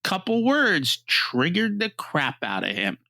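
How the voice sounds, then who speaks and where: A man's voice: high-pitched, takes it slowly, dry recording. A man hosting a podcast interview, chatty and relating examples from TV. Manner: lively, chatty, relates pop-culture examples. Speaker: podcast host. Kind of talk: conversational interview.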